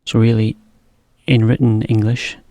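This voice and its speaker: Low, gravelly man teaching English. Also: a little slow, dry recording. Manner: relaxed, explains with examples and small laughs. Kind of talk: casual English lesson for Japanese learners.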